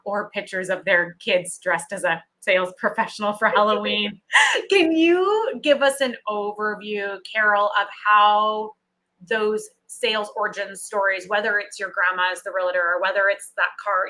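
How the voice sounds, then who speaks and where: A woman hosts a book club interview, putting questions to her guest in an easy, engaged way. Her voice is bright and clear, at a middle pitch. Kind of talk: casual interview chat.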